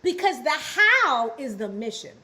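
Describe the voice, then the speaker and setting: A woman's voice: high voice, sing-song, measured pace, pushed and bright, poor audio. A woman teaching a business and ministry lesson on a livestream, repeating key phrases and asking viewers to answer in the chat. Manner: repetitive, call-and-response with the chat. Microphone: livestream setup.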